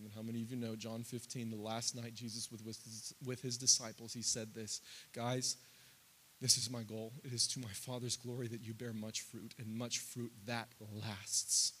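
A man in his thirties preaching a sermon, climbing loud and high through lists and quoted prayers, then dropping low and quiet. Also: level tone, moderate pace, slight background noise. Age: 30s. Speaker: pastor.

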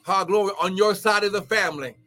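A man preaching as pastor and prophet on a live stream, fervent and shouting, breaking into tongues. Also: sits high, fast talker. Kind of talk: charismatic live-stream sermon. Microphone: live-stream microphone.

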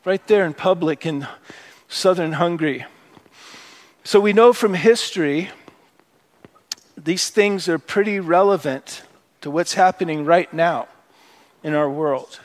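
A middle-aged man preaching to a church congregation in an easy, conversational way, weaving personal stories into his teaching. His voice sits high for a man, and he throws rhetorical questions out to the room as he goes. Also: measured pace, pauses often. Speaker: pastor. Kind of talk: sermon. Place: church worship service.

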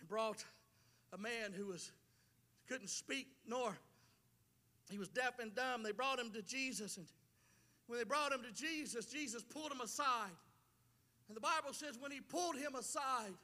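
A man's voice: extremely high pitch, sharp tone. A middle-aged man, preaching a sermon as a pastor, with impassioned delivery and repeated phrases. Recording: long reverb of a large hall.

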